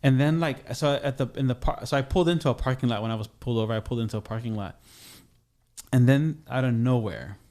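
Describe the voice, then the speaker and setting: A man's voice: medium pitch, fast talker, darkish tone. A young man, a podcast guest, telling a personal story in a rambling, casual way, full of restarts and fillers.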